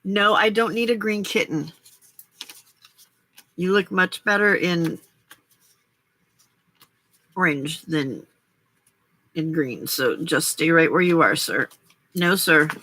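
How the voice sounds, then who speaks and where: A woman's voice: on the low side, slow pace, pauses often, pushed and bright. A woman hosting a casual late-night crafting livestream, chatting with viewers and her cats between giggles.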